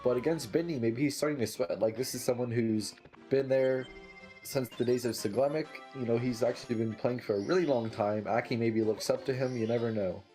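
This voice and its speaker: A man commentating a video game speedrun race in an easygoing, chatty way, peppering his analysis with "like" and "you know." His voice sits at an ordinary pitch, and faint music plays under it. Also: a little fast. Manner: relaxed, lots of filler "like" and "you know". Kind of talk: casual play-by-play commentary.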